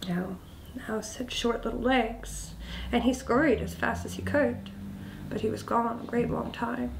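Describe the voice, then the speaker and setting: A woman instructor telling a children's story, expressive and often dropping to a whisper. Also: on the high side, gravelly. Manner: slow, expressive, drops to whispers. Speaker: nature school instructor. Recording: echoey room, faint background noise.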